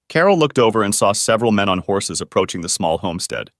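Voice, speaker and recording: Guy reading a story out loud, lively voice, no room echo. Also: fairly low pitch, fast talker, hardly any pauses, studio quality. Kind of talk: scripted narration.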